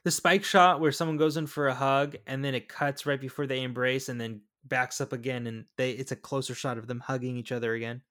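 A man's voice: mid-range voice, steady tone, brisk, hardly any pauses, fairly bright tone. Casual man recapping a film. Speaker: podcast co-host. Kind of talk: casual film review chat.

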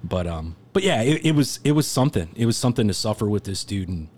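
Low-voiced man telling rambling stories. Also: very animated, fast talker, a little mellow. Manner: rambling, heavy use of filler words; laughs while telling stories. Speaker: podcast guest. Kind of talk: casual storytelling.

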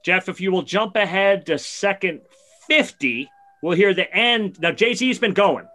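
A man co-hosting a podcast in casual music chat, enthusiastic and quick to laugh, peppering his talk with "like". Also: high-pitched, lively intonation, sharp tone. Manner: chatty with many "like" fillers. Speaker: podcast co-host.

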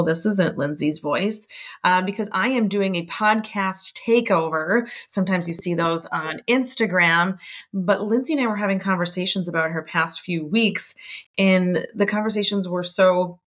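A woman's voice: on the low side, normal speed, fairly bright tone. A middle-aged woman taking over a podcast as interviewer, chatting in a friendly, upbeat way. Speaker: guest interviewer. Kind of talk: casual chat.

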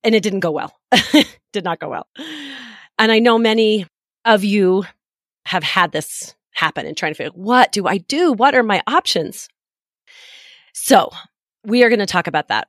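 A woman's voice: medium pitch, no echo, studio quality. A woman in her forties, a parent coach, telling a personal story on a podcast in a candid, reflective way with short broken phrases.

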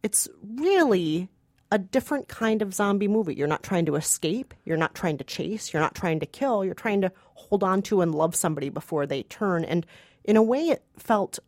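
A woman's voice: medium pitch, expressive, brisk, a little mellow, no room sound. A woman co-hosting a film review chat, earnest and pleading as she argues for a movie. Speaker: co-host.

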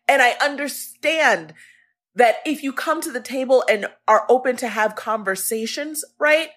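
A woman podcast host speaking an earnest, halting personal message, near tears at times. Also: a little high, fairly bright tone. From Africa.

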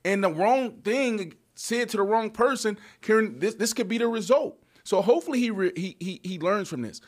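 A man hosting a casual sports podcast, talking in an animated way and laughing often as he calls people out playfully. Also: high voice, normal speed. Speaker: podcast host.

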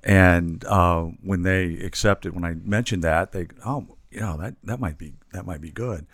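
A man's voice: low voice, dry recording, clean studio sound. A man, a lawyer, as a guest in a casual interview, talking in a blunt, plainspoken way. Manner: blunt, plainspoken, quick to agree.

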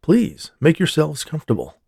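A man voicing a calm, gentle psychic medium who speaks soothingly, in an audiobook. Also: fairly high pitch, moderate pace, vocal fry, slightly rough, no room sound, clean studio sound, voice pushed up, exaggerated voice. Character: calm, smooth-talking male psychic medium.

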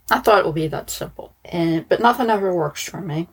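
A woman's voice: on the low side, a little fast, gravelly, hardly any pauses, husky, poor audio. A woman podcast host telling a personal story in casual, blunt, profane talk that wanders as she goes.

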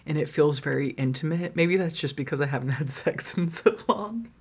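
A woman's voice: sits low, a little mellow, breathy edge. A woman hosting a solo podcast, telling candid, profane stories with lots of "like", restarts and laughter. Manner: candid and profane, heavy filler "like"; frequent laughter, trailing restarts. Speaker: podcast host.

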